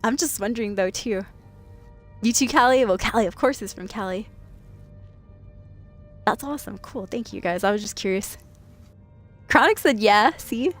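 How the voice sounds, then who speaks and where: A woman's voice: mid-range voice, moderate pace, pauses often, faint music behind. A woman from Washington state chatting casually on a late-night gaming stream, laughing and thanking viewers by name. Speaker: game streamer.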